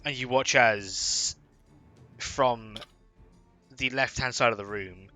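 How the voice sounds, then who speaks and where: A man narrating a tabletop game as game master, setting the scene in slow, descriptive detail. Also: medium pitch, sharp tone, soft background music.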